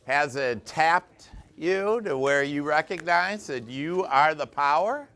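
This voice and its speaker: A man's voice: a little high, slow pace, noisy background. A man leading a live motivational workshop as coach, talking to a small group in an enthusiastic, chatty way and laughing often.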